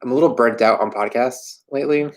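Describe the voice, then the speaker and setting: A man's voice: medium pitch, quick pace. A young man from Florida hosting a livestream, answering viewer questions in a candid, self-deprecating, rambling way. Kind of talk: casual livestream chat. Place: home in New York.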